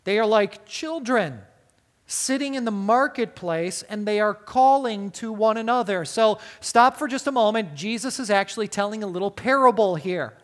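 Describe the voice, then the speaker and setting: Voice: mid-range voice, moderate pace. A preacher delivering a sermon on a Bible passage, emphatic and often asking the listeners rhetorical questions. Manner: emphatic, with wide swings in loudness.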